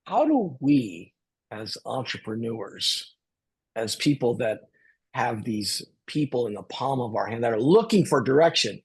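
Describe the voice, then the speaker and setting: A man hosts a panel on a video call, asking questions in a loose, rambling way. His voice is husky and pitched a little high. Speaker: panel host.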